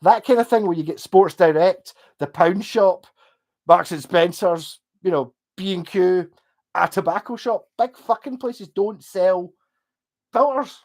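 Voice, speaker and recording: A Scottish man talks to his livestream audience in a relaxed, wandering way. He drifts from one thought to the next and drops swear words freely, sounding easygoing and unpolished. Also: high voice, unhurried. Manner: swears often, loose and digressive. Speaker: livestreamer chatting with viewers. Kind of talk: casual rambling chat.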